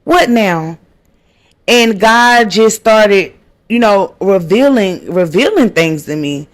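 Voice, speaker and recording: A woman's voice: mid-range voice, expressive, takes it slowly. A woman hosts her own podcast and tells a heartfelt faith testimony. She talks earnestly, repeats phrases for emphasis and speaks to her listeners as y'all. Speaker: podcast host.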